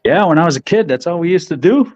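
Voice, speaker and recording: A middle-aged man answers podcast questions in a laid-back, halting way, restarting his phrases. His voice sits a little high. The audio is dry and slightly dull. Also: animated, a little mellow, dry recording. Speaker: professional boxer, podcast guest. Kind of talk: casual interview answers.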